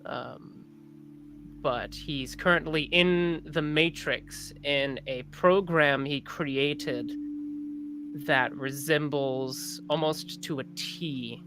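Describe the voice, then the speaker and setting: Slow, halting tabletop player. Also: medium pitch, music in the background, rough recording. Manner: halting, full of fillers. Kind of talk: narrating their character in a tabletop game.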